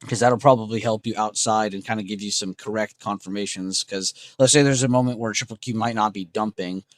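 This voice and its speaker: A man's voice: lowish voice, fairly quick, no echo. A young man hosting a trading livestream, chatting casually and slangily with his viewers. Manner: relaxed, slangy, talks to chat with "bro" and "dude".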